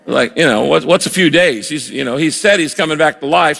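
An older male pastor preaches with an earnest, emphatic delivery, acting out the lines he quotes. His voice is fairly high for a man and gravelly. It rings out with a long reverb from a large church hall. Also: a little fast, few pauses, fairly bright tone. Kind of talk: sermon.

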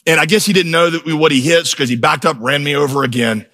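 A middle-aged male pastor delivers a sermon with a bright, forceful voice that sits a little high. He tells stories and builds his lines to intense, emphatic peaks. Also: fairly even intonation, fast talker. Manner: emphatic, storytelling preacher with rising intensity. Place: church.

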